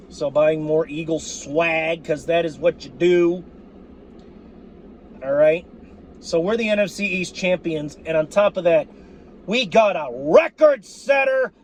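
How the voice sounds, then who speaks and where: A man ranting as a sports fan vlogger, cursing freely and breaking into shouts, his voice going hoarse. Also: high voice, slight background noise. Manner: fired-up, cursing, shouting outbursts. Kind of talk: profane fan rant.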